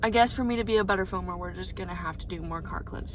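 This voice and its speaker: A woman's voice: medium pitch, steady tone, fast talker, hardly any pauses, slight background noise. A young woman chatting casually about books for her reading vlog, rambling and emotional, recorded in her car. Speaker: book vlogger.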